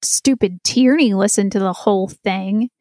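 A woman co-hosts a casual podcast, recapping an episode in a chatty, animated way and laughing often. Her voice sits at an ordinary middle pitch. The recording is dry and close. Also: unhurried, no echo. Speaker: podcast co-host.

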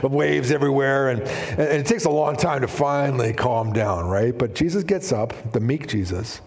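A man's voice: medium pitch, moderate pace, creaky. A middle-aged man preaching a sermon as pastor, telling stories casually with fillers and acting out the voices he quotes. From Canada. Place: church sanctuary. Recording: long hall reverb in a church.

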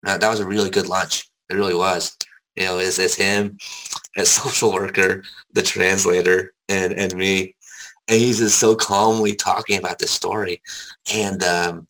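Gravelly low-voiced man telling his story. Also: flat delivery, moderate pace, fairly bright tone, low-quality recording. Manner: candid, rambling storyteller, swears freely. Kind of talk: casual conversation.

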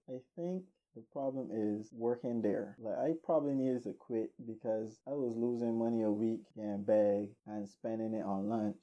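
A man telling a rambling, animated story casually, laughing now and then, in a dull lo-fi recording. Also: fairly low pitch.

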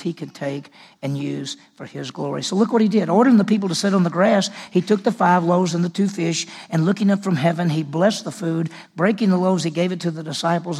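A man, a senior pastor, preaching a conversational sermon, repeating words as he goes and swinging between emphatic and hushed. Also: sits high, breathy edge.

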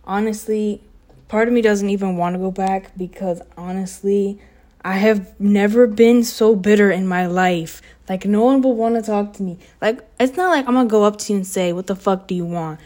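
A woman's voice: medium pitch, fairly even intonation, moderate pace, a little mellow. A teenage girl talks straight to the camera, rambling from thought to thought with plenty of "like" and "uh". Her sarcasm slips in constantly as she overshares in a loose confessional way. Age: teens. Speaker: high school student vlogger. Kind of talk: casual confessional vlog. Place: home living room.

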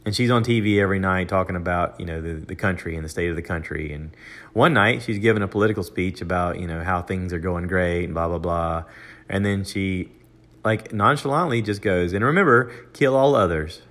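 Deep-voiced older American man rambling. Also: fairly quick, a bit bright. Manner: rambling, conversational, with many fillers and restarts; acts out quoted voices in a raised pitch. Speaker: podcast host. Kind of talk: casual solo monologue.

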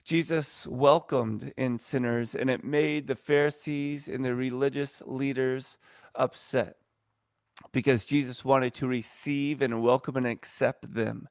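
A man's voice: medium pitch, steady tone, a little slow, gravelly, no room sound, clean studio sound. A man preaching a sermon as a pastor, earnest and emphatic, stacking repeated phrases.

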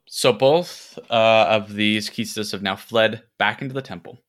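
Low, bright-voiced game master. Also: male voice, a little slow. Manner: hesitant, many fillers, playful. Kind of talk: narrating a tabletop game.

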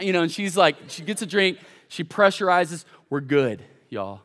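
A young man preaching a sermon, telling a lively family story to the congregation. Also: sits high, brisk. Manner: animated, addresses the congregation as y'all. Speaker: college pastor.

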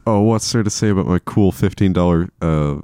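A man's voice: sits low, a little fast, dark tone, slight background noise. A young man co-hosting a casual podcast, speaking in a dry, understated, self-deprecating way. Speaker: podcast co-host. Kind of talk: casual chat.

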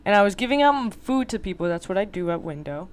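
Talking fast in a mid-range voice, this podcast co-host, a young adult woman, tells a story full of slang and plays out the quoted conversations with animation. There's a slight hiss or hum in the background.

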